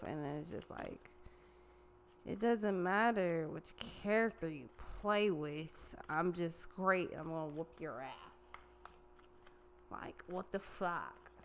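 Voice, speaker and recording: Lower-voiced woman giving a cussing tarot reading. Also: clean tone. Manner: profane, slangy and animated. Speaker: tarot reader.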